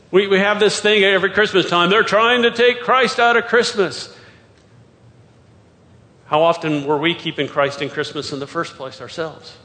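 A pastor preaching a sermon and walking through scripture verse by verse, with pointed rhetorical questions. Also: male voice, sits high, sharp tone. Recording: long hall reverb.

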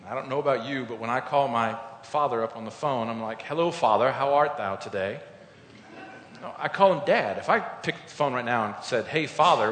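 Man preaching in an echoey hall. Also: on the high side. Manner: informal, storytelling, builds to loud emphatic peaks. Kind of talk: conversational sermon.

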